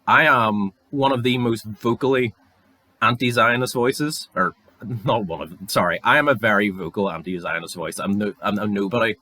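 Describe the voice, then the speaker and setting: This young podcast host from Northern Ireland speaks in a lowish voice at a moderate pace, recorded without echo. Ranting on his own, he turns sarcastic and sweary, his anger pushing his voice toward shouts.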